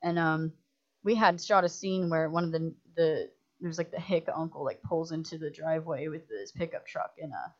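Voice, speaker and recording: Lively woman telling a profane story, muffled. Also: low-pitched. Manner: animated, profane, full of "like" fillers, acts out others' lines. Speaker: film director and writer, podcast guest. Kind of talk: casual storytelling in a podcast chat. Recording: muffled lo-fi audio.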